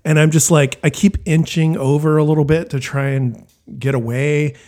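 A man's voice: a little high, steady tone, normal speed, a little mellow. A man co-hosting a podcast in casual chat, laughing often and trailing off into restarts. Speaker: podcast co-host.

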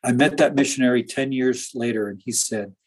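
Husky-voiced pastor telling earnest stories. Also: male voice, medium pitch, brisk. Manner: earnest, anecdotal, with laughs and restarts. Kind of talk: storytelling in an interview.

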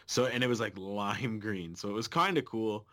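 A man co-hosting a podcast, casually telling a lively travel story and swearing often. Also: on the low side, moderate pace. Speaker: podcast co-host.

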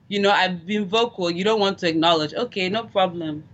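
A woman's voice: on the low side, brisk, lo-fi sound, a little hiss or hum. A woman co-hosting a casual talk radio show, speaking candidly and chattily with frequent giggles.

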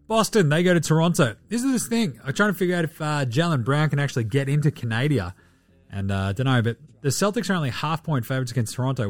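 A man's voice: mid-range voice, no echo. A man hosting a sports podcast, running through betting picks in casual, profane, slang-heavy banter.

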